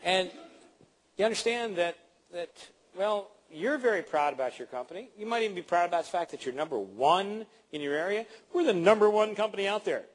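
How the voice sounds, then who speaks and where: A man's voice: sits high, a little fast, long reverb tail, low-quality recording. A man acting out a boastful corporate presenter who drones on about his firm. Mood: smug boasting. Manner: smug, self-important, monotone listing.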